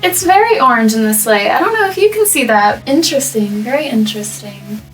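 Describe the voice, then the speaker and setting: A woman's voice: fairly high pitch, lively intonation, fairly quick, recorded from a distance, faint music behind, poor audio. A young woman vlogger telling casual story times while coloring her hair, chatty and laughing often, trailing off and restarting, with a microphone set up by the camera. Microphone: microphone placed up by the camera.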